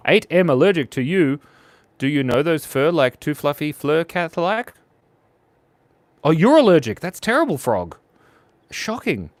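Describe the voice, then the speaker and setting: A man hosts a live drawing stream, chatting playfully and reading viewer comments aloud as he draws. His somewhat high, sing-song voice moves a little slowly with long pauses, and there's no echo.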